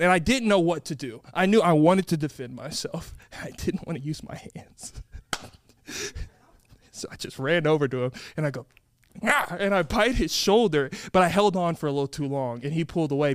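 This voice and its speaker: Smooth high-voiced young man, casual storyteller. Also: moderate pace, no echo. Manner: storytelling, laughing at himself. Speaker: podcast co-host. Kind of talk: casual chat.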